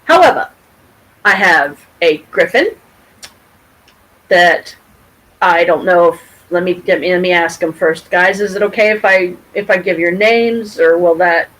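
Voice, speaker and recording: A middle-aged woman from Michigan telling a story to her camera at home, rambling and animated, with frequent restarts and casual swearing. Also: lowish voice, a little slow, low-quality recording. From Pontiac, Michigan, USA. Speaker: vlogger. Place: at home, with her cat nearby.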